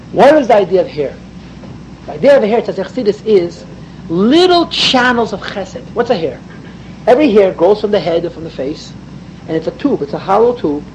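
A man's voice: high voice, a little hiss or hum, poor audio. A man giving an emphatic Torah class, explaining mystical ideas and mixing in Hebrew and Yiddish terms. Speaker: rabbi teaching Torah.

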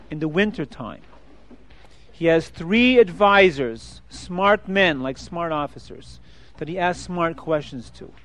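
A man with a fairly high voice tells a story to a class of boys. He keeps it animated, leaping in pitch and acting out each speaker in the tale. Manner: animated, jumps in pitch and acts out quotes. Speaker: teacher telling a story to boys. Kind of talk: storytelling lesson.

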